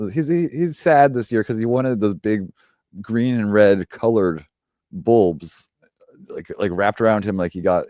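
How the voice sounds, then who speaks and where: Low-voiced rambling man reading horoscopes. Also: dark tone, no room sound, studio quality. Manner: rambling, chatty, full of fillers and self-corrections. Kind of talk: casual live-stream chat.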